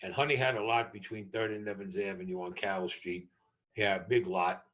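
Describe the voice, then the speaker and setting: An older man tells stories as an interview guest, blunt and profane. His voice is bright and forceful. The recording sounds a little dull and muffled. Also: fairly low pitch, a little fast. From New York. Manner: blunt, profane, animated storyteller. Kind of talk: storytelling in a podcast interview.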